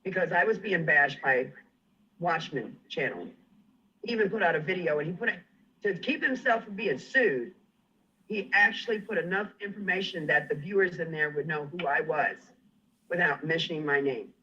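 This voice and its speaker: A man on a livestream, there as a guest, delivers an enraged rant full of swearing and threats and won't give an inch. He speaks at normal speed, on the high side, with a sharp tone and a breathy edge, over muffled audio.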